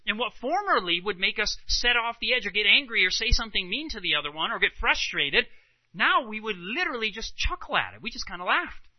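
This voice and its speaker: A man speaking as a Christian health speaker, telling animated personal anecdotes to a live audience and tossing in rhetorical "right?" asides. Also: high voice, dry recording, lo-fi sound. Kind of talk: storytelling talk to a live audience.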